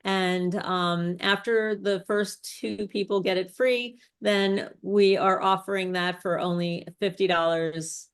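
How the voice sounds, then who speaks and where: A woman's voice: medium pitch, fairly even intonation, slow pace, hardly any pauses, clear, resonant tone. A woman speech coach leading a live online workshop, explaining step by step with chatty asides.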